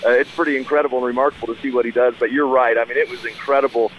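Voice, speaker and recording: A senator calls in to a radio show, his voice worn almost hoarse from the night before. He delivers upbeat points, padded with fillers. The line is thin and phone-like, with faint noise behind him. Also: medium pitch, steady tone, very fast. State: voice nearly gone. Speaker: senator, guest.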